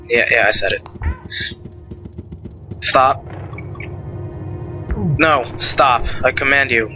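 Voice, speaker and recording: Young man, let's play host, bright voice, rambling game commentary, swears a lot, faint music behind. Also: medium pitch, unhurried, long pauses, highs cut off. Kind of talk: casual gameplay commentary.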